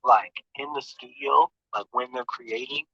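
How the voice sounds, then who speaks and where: A man's voice: mid-range voice, fairly even intonation, measured pace, vocal fry, pushed and bright, breathy edge, no echo. A man talking about his work as a guitarist in casual chat, hesitant and full of restarts. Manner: hesitant, many fillers and restarts. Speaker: guitarist guest. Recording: dry, dull lo-fi sound.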